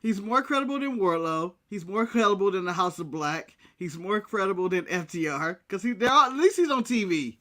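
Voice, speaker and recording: A man's voice: high-pitched, expressive, fairly quick, few pauses, sharp tone. An American man co-hosting a casual wrestling recap show, talking bluntly and laughing often. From United States. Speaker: podcast co-host.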